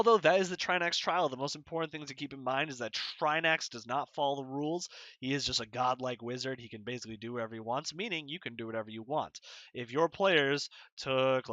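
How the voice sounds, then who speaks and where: Bright-voiced, rambling young dungeon master. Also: male voice, medium pitch, no echo, highs cut off. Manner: rambling, loose, full of fillers. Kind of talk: casual game-master advice.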